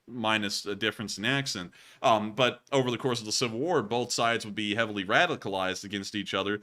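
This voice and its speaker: A fairly low-pitched man with a bright, forceful tone runs a live stream and replies to messages from viewers. He speaks loosely and casually, rambling with lots of fillers and signing off again and again.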